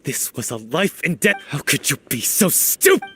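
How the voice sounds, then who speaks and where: An actor playing a furious, hot-tempered man in a game theater troupe, shouting accusations in a husky voice. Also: fairly high pitch, big pitch swings, moderate pace, a crowd in the background.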